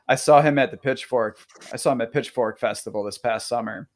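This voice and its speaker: A medium-pitched man from Oklahoma hosts a podcast interview, talking briskly in a casual, chatty way, laughing easily and restarting his sentences.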